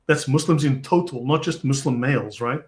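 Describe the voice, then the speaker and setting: A man hosting a relaxed discussion in a middle-pitched, unremarkable voice. He talks in a loose, rambling way, with plenty of "I mean" and restarts as he works out his point. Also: normal speed. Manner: rambling, hedges often with "I mean". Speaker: host. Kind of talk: casual conversational discussion.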